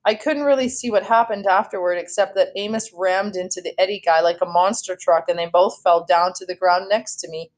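A woman reading a children's novel aloud in a steady storytelling voice, now and then correcting herself. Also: on the low side, a little fast, few pauses. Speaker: read-aloud host.

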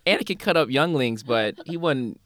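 A man in a casual film review chat, measured and analytical, often saying "you know". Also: mid-range voice, animated, noisy background.

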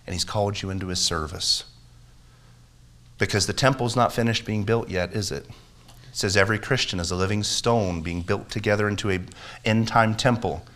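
A man's voice: on the low side, normal speed, fairly bright tone. A man preaching a sermon as pastor, earnest and emphatic, with repeated phrases and a closing prayer that builds in intensity. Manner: prays with rising intensity.

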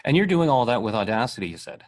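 A man's voice: medium pitch, very animated, darkish tone. A man from North America hosting an interview podcast, eager and chatty, often restarting his sentences. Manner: quick, eager, many restarts. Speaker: podcast host. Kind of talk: casual interview talk.

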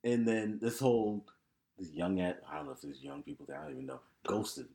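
A man co-hosting a podcast in casual chat, relaxed as he reads items off his list. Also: lowish voice, brisk, gravelly. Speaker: podcast co-host. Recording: echoey room.

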